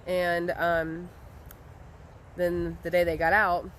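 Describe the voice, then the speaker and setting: A woman's voice: fairly low pitch, monotone, slow, a bit bright, slight background noise. A woman, chatting casually and rambling with lots of ums as she talks to camera outdoors by a chicken coop. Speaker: homestead vlogger.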